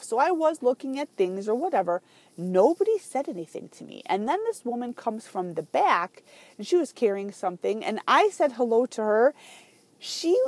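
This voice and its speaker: A woman hosting a podcast, telling a story in a chatty, animated way with lots of fillers. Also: medium pitch, dry recording. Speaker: podcast host. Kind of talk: casual podcast monologue.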